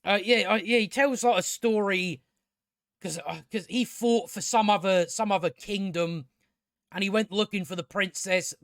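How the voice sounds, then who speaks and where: A man's voice: high-pitched, normal speed, a bit bright, no echo, clean studio sound. A man reviewing a TV episode in a rambling casual recap, sarcastic and profane, stumbling over restarts. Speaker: video reviewer.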